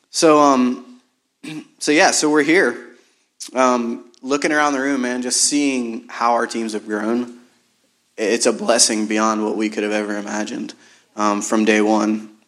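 Hoarse church team leader with a gravelly voice. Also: male voice, medium pitch, a bit bright. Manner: loose and rambling, with fillers. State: hoarse voice from singing. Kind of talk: casual church talk. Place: church service in a large room.

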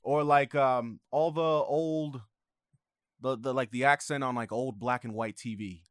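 A man's voice: mid-range voice, steady tone, measured pace, clear, resonant tone. An easygoing man in a mid-range voice chats as a podcast guest, hesitant and full of fillers. The sound is dry and close, with no room echo. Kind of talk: casual podcast chat.

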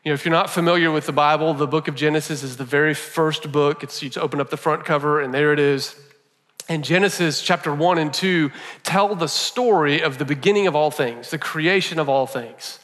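A man's voice: a little high, brisk, fairly bright tone, long reverb tail. A male pastor preaching a sermon in a conversational way, repeating phrases for emphasis.

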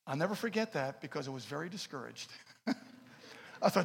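A middle-aged man preaching a sermon and telling his own story, swinging between loud bursts and hushed asides. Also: fairly high pitch, sing-song, normal speed, creaky, long pauses, breathy edge. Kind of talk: sermon with personal testimony. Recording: echoey hall, long reverb.

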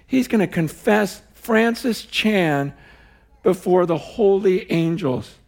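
A male guest preacher with a high voice who talks in a loose, conversational way, full of "like" and quick laughs. He builds into near-shouts, then drops low and soft for emphasis. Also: gravelly. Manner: animated and conversational, with fillers and laughs. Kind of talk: sermon.

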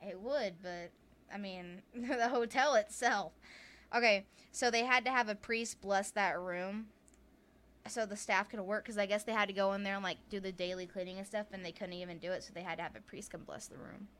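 A woman's voice: medium pitch, fairly even intonation, normal speed, a bit bright. A woman with a Southern US accent, co-hosting a podcast and casually retelling ghost stories, full of filler words and laughter. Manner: chatty, many "like" fillers, laughs often. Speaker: podcast co-host.

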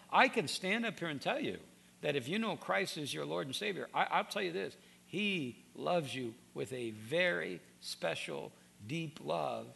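Earnest preaching man with gravelly voice. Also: fairly high pitch, fairly bright tone. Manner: earnest, repeats words when starting sentences. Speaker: pastor. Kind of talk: sermon.

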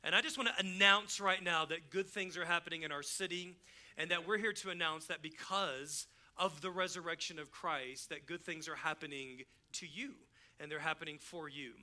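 Bright-voiced pastor preaching. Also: male voice, a little high, steady tone, moderate pace. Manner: conversational storytelling preacher, acts out dialogue. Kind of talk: sermon. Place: church sanctuary.

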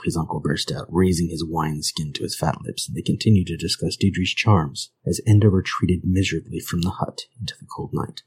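A man reading a grim old folk tale aloud in a measured, grave manner. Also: sits low, steady tone, a little mellow, slightly rough, poor audio. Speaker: narrator.

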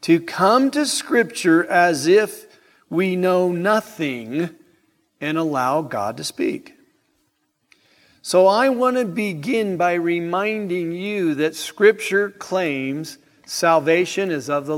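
A man preaching an evening sermon in a church sanctuary, emphatic and deliberate, asking the congregation rhetorical questions. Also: on the high side, animated. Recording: hall reverb in sanctuary.

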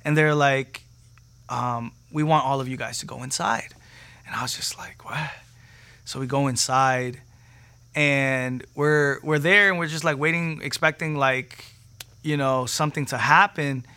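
A young man telling a personal faith testimony in an animated way, acting out the quotes with sudden jumps in pitch. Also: unhurried, clean tone. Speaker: testimony speaker.

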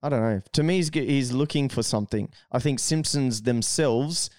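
A man's voice: mid-range voice, moderate pace, darkish tone, dry recording, studio quality. A man hosting a casual podcast chat, talking loosely with lots of "like" and casual swearing. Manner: loose and conversational, heavy use of "like", swears casually.

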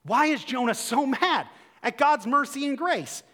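A man preaching a sermon in an animated way, acting out quotes with a rising voice. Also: very high-pitched, a little slow. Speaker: pastor. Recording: long hall reverb.

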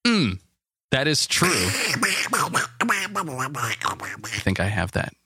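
A man's voice: on the high side, huge pitch swings, extremely slow, pushed and bright, slightly rough, no echo, studio quality. A man co-hosting a morning show in casual chat, playful and teasing with rambling asides.

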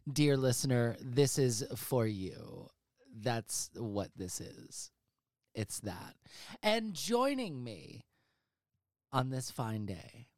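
A man's voice: medium pitch, a little mellow, dry recording, clean studio sound. A man hosting a casual comedy movie podcast from a home office, talking in a profane, hyperbolic, rambling way. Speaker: podcast host.

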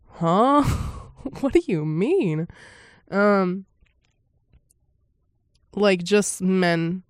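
A woman's voice: on the low side, dry recording, studio quality. A woman giving a casual first-reaction commentary on a film, rambling with lots of fillers and frequent laughter.

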